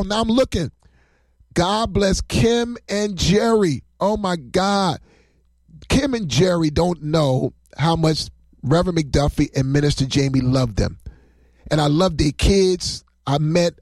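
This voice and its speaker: Excitable pastor preaching on a livestream. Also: male voice, on the high side, dry recording. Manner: rambling, emotional, excitable, laughs often.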